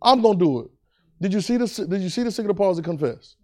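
A man's voice: high voice, animated, quick pace, a little mellow. Dynamic call-and-response preacher man. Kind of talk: sermon.

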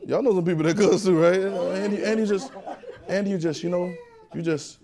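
A Southern-accented male pastor preaches in a loose, conversational way, teasing his congregation and drawing responses from them. His voice sits a little higher than most men's. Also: brisk, mellow. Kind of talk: preaching a sermon. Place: church sanctuary with congregation.

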